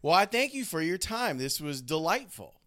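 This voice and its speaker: A man's voice: a little high, sing-song, moderate pace, pushed and bright. A middle-aged man hosting a podcast, interviewing his mother in an affectionate, teasing conversation. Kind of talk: casual interview.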